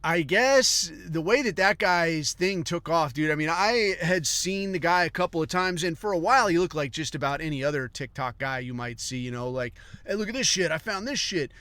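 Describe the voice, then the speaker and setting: A man's voice: a little high, normal speed, hardly any pauses, bright, forceful tone, smooth, no echo. A man ranting on a podcast, rambling and profane, sometimes mocking other people in put-on voices. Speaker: podcast host.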